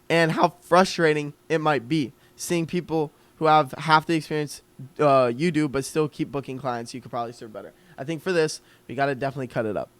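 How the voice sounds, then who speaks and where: A man's voice: fairly high pitch, fairly quick, smooth. Casual young man coaching on a call. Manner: loose and conversational, filler-heavy, thinking aloud. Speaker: copywriting coach.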